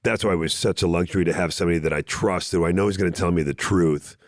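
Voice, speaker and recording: A man's voice: sits low, steady tone, quick pace, dry recording, studio quality. A man from Canada, a podcast guest, chatting casually and telling rambling, self-mocking stories full of restarts. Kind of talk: casual chat. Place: podcast studio.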